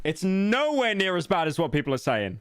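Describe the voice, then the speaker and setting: A man's voice: sits high, big pitch swings, a little fast, a bit bright, smooth, dry recording, clean studio sound. A man streaming casually, reacting to a video with blunt, crude, rambling remarks.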